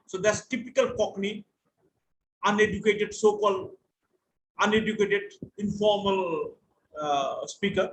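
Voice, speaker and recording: High-voiced Indian man giving a lecture. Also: normal speed, long pauses, echoey room, slight background noise, poor audio. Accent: Indian English. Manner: explains by anecdotes, spells words out letter by letter. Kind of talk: online lecture on spoken English.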